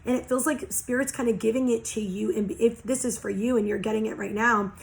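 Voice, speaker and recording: A woman's voice: on the high side, steady tone, a little fast, creaky, low-quality recording. Blunt, candid woman giving a spiritual reading. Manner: candid and blunt, swearing freely, confessional. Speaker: spiritual reader. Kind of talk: casual channeled reading to viewers.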